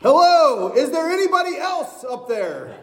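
A man's voice: very high-pitched, lively intonation, unhurried, pitched above the performer's own voice. A man voicing a panicked man hanging from a cliff, calling up in a desperate, pleading voice. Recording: echoey hall, mic far off.

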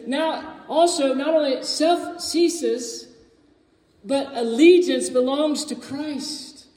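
A man's voice: extremely high pitch, takes it slowly, darkish tone. A man preaching a sermon, earnest and emphatic, repeating key phrases, in a church sanctuary. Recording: echoey hall, mic far from speaker.

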